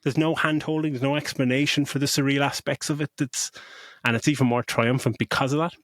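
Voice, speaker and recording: A man's voice: mid-range voice, a little fast, no echo, clean studio sound. Effusive, swearing man. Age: middle-aged. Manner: effusive, swears freely, animated retelling. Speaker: podcast co-host. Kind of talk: casual movie review chat.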